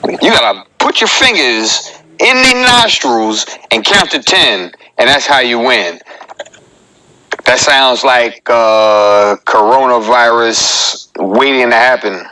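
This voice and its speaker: Guy comic doing a live stream, bright punchy voice, chatty and joking, talks right to the viewers. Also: medium pitch, lively intonation, slow, poor audio. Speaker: comedian hosting his own live show. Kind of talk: casual live-stream comedy monologue.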